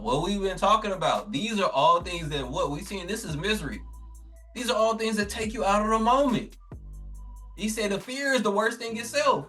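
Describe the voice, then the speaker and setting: A man's voice: sits high, expressive, moderate pace, bright, forceful tone, far from the mic, faint music behind. A man teaching a scripture lesson. He reads the old text aloud, then explains it in casual slang and acts out the voices he quotes. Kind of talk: informal religious teaching.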